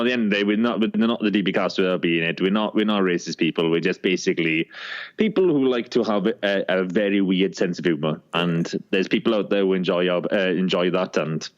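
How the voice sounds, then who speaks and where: A man's voice: low-pitched, dull audio. A man co-hosting a podcast in casual banter, laughing often and filling his talk with "freaking". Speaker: podcast co-host.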